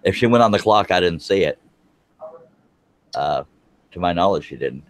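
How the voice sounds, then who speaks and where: A Texan man, a guest woodworker on a live stream, chats casually from home while smoking. His low voice is animated at a moderate pace, and he rambles, correcting himself as he goes.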